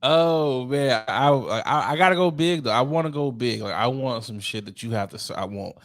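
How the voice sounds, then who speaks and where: A man's voice: medium pitch, normal speed, fairly bright tone. A man co-hosting a casual podcast, joking and swearing freely. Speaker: podcast co-host. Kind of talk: casual chat.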